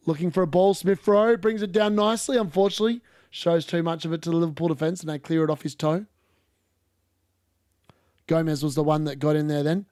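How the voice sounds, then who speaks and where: A man talks over a live football match in a loose, opinionated ramble, dropping the odd mild swear. His voice sits a bit higher than most men's. The sound is close and dry, with no room around it. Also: mellow, dry recording. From Australia. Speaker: football watch-along host. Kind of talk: casual live match commentary.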